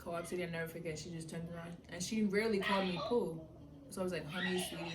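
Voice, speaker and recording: A woman's voice: fairly low pitch, fairly even intonation, quick pace. A young adult woman, animatedly telling a personal story in casual slangy talk, quoting people as she goes. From New York. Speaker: vlogger. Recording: echoey room from far off, faint noise.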